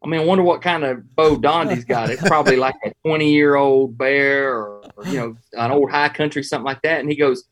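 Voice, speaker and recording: A man from Georgia with a Southern accent, telling hunting stories in a folksy, animated way during a casual interview. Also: mid-range voice, fairly quick, few pauses. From Georgia, USA. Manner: folksy, animated, chuckles as he talks. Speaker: hunting guest.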